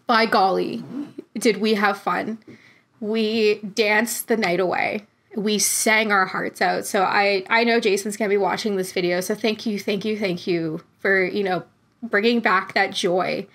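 Young adult woman vlogger, mid pitch, casual and heartfelt, rambling with fillers. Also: steady tone, a little slow, a bit bright. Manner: heartfelt, chatty, many fillers. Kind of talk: casual storytelling vlog.

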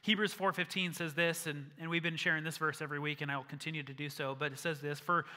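A man's voice: on the high side, level tone, fast, pushed and bright. A male pastor preaching a sermon in an earnest way that rises to emphatic peaks. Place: church sanctuary. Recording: long church-hall reverb.

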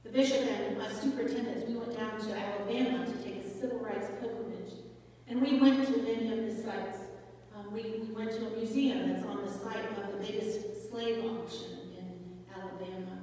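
A woman in her forties preaches in a church, her voice fairly high. She tells stories casually and keeps asking the listeners questions. The sound is echoey and comes from some distance across a large hall. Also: fairly even intonation, normal speed, warm tone. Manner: conversational storytelling, asks the congregation questions. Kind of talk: sermon. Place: church sanctuary.

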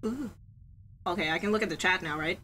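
A young adult woman streaming a game in casual chat, excitable and gushing, laughing often and swearing freely. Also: fairly low pitch, fairly quick, a little hiss or hum. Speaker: streamer playing a horror game.

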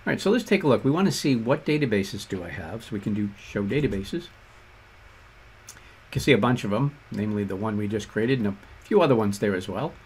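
A man with a Boston accent explaining code step by step in a relaxed tutorial. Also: fairly low pitch, a little fast, slightly rough. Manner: relaxed explanatory walkthrough with fillers and asides. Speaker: instructor. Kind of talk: screen-share coding tutorial.

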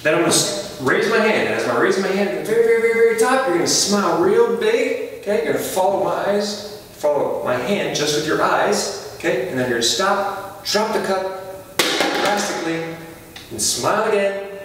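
Pushy casting director, rapid-fire directions, booming echo, distant from the mic, background hiss. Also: male voice. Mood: brisk. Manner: rapid-fire directions, swinging up loudly when excited. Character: pushy, overexcited male casting director, adult. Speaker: casting session runner. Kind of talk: scripted comedy sketch. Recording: echoey room, far from the mic, noisy.

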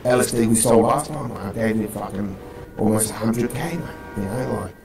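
A man's voice: on the low side, brisk, reverberant, poor audio. Rambling man swearing mid-roleplay. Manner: rambling, heavy swearing, calls everyone mate. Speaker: roleplay gang leader. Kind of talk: in-character roleplay chat.

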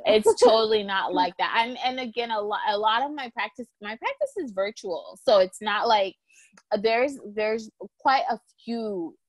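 A woman's voice: fairly high pitch, moderate pace, no room sound. Chatty woman lawyer telling stories. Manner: lively storyteller, acts out quotes, laughs often. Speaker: lawyer, guest. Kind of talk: casual interview chat.

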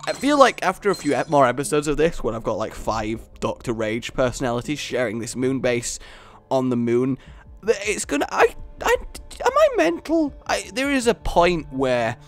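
A man giving casual, joking gameplay commentary as a channel host, with self-deprecating asides. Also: medium pitch.

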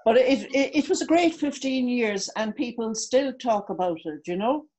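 A woman's voice: on the high side, animated, moderate pace, a little mellow. A woman with an Irish accent, a guest reminiscing in a chatty way with many restarts over a video call. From Ireland. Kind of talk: video call interview chat.

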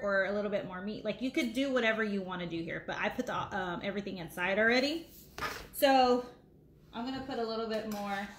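A middle-aged woman with a fairly high, slightly bright voice chats casually as she cooks in her home kitchen, rambling between steps. She's a cooking vlogger doing a live cooking chat, recorded in an echoey room with faint noise.

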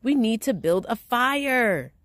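A woman's voice: fairly high pitch, slow, no room sound, pitched above the performer's own voice. Woman voicing a patient storybook mother. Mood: instructing. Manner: calm, instructive. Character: patient mother giving kitchen instructions.

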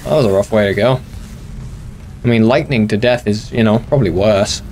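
A young man hosts a gaming channel, giving casual let's play commentary as he plays, chatty, sweary and self-deprecating. His voice is on the low side, fairly quick and a little mellow, with slight background noise.

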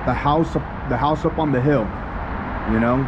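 A man's voice: medium pitch, moderate pace, muffled recording, noisy background. A man casually touring a hotel suite for a vlog, chatty and full of fillers, talking to his viewers as he walks the rooms and terrace. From United States. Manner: chatty, filler-heavy, enthusiastic. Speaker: travel vlogger.

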